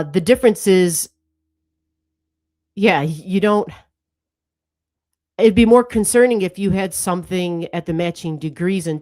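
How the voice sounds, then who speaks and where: A woman with a lowish voice reads charts on a livestream from home, talking straight to her viewers. She rambles in an easy casual way, trails off and corrects herself mid-sentence. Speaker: astrologer hosting a livestream.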